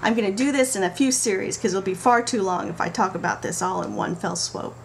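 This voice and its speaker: A middle-aged woman talking to camera about parenting, telling stories in an animated way with playful asides. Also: medium pitch, fairly quick. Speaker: parenting vlogger. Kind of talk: casual talk to camera. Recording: faint background noise.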